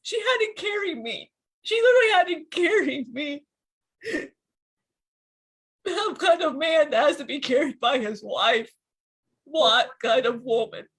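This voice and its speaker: A woman channeling a fallen male archangel, speaking tearfully and haltingly through crying in a spiritual session. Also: high-pitched, a bit bright, husky, heavily acted. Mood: anguished. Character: grieving fallen male archangel, hurt and furious.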